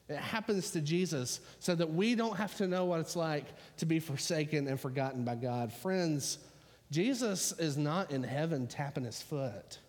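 Man, pastor, preaching, fairly high voice, conversational, long hall reverb. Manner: conversational storytelling with fillers. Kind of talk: sermon.

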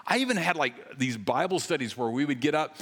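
A pastor with a mid-range, slightly rough voice delivers a sermon from a church stage, animated and swinging between punchy jokes and quieter, earnest stretches. He teases himself in quick bursts of humor, and the large hall's long, ringing reverb trails each phrase.

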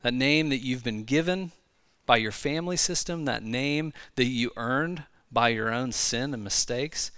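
A man preaching to a church congregation in a casual, conversational way, full of asides and quick restarts. His voice sits at an ordinary middle pitch. The sound is close and dry, with hardly any room echo. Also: fairly bright tone, clean tone. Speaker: pastor. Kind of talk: sermon. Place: church sanctuary.

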